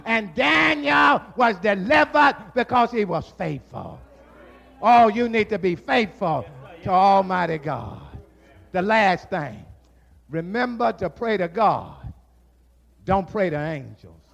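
High-pitched, gravelly shouting preacher man. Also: big pitch swings. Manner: preaching in rising shouts with drawn-out words. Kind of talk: sermon.

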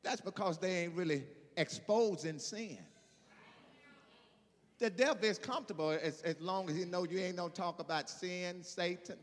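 A man preaching an emphatic sermon, repeating phrases and building to shouted peaks. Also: sits high, normal speed, long reverb tail. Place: church.

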